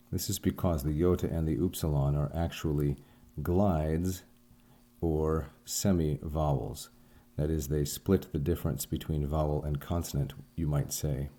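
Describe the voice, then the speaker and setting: A man teaching a recorded language lesson, explaining sounds and syllables one by one in a measured, careful way. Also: extremely low pitch, dark tone. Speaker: Greek teacher.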